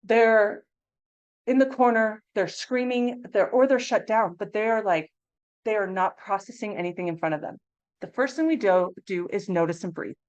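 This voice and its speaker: A woman in her thirties giving a lively training talk to teachers and childcare directors. She speaks in a conversational, animated way and slips into a bright, upbeat teacher voice when she acts out what to say to children. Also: medium pitch, moderate pace, muffled recording. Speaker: early childhood mental health consultant.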